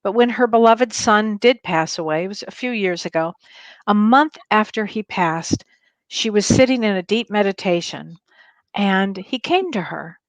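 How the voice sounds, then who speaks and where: A woman's voice: mid-range voice, moderate pace, no echo. Female co-host, therapist and medium; earnest, eager, dry close audio. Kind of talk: casual talk show chat.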